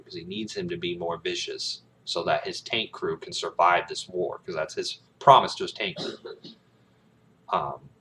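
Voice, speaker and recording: Low-voiced man rambling through a film retelling. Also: pushed and bright, a little hiss or hum. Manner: rambling, with many ums and restarts. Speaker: aspiring actor, vlogger. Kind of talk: casual retelling of a film scene.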